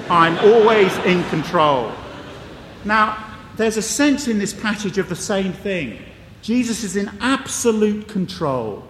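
A man's voice: sits high, a bit bright, a little hiss or hum. A man preaching a sermon, conversational and emphatic, with wry asides and repeated key phrases. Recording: long reverb of a large hall.

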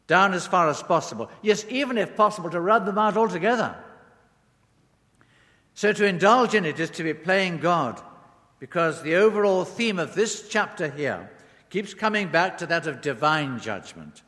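Expressive male preacher in a reverberant hall. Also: high-pitched, moderate pace. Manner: expressive, rising and falling emphasis. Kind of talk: sermon. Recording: long reverb of a large hall.

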